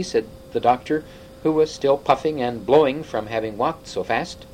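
A man reading a novel aloud in a steady manner, with small slips. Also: mid-range voice, normal speed, a little hiss or hum, rough recording. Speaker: audiobook reader.

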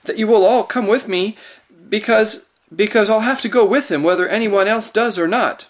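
A man's voice: high voice, moderate pace, voice pushed up, natural voice. A man voicing an earnest little girl who speaks in a tremulous, pleading way.

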